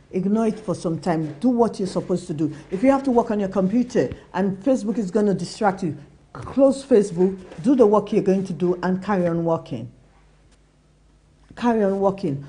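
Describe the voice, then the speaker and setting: Mellow-voiced woman giving business advice. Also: medium pitch. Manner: earnest, repetitive advice, acts out quoted dialogue. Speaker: business talk show host. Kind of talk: motivational business talk.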